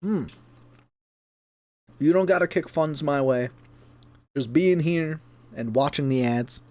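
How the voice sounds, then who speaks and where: A man's voice: fairly high pitch, slow pace, a little mellow. A man hosting a casual livestream from home, chatty and self-deprecating, laughing often and eating between remarks. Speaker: sumo livestream host.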